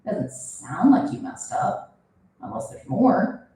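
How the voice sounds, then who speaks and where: A woman's voice: fairly low pitch, very animated, slow, warm tone. A woman voicing a playful, teasing, ageless coffee shop owner with a sing-song lilt. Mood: gentle. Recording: roomy, from a distance.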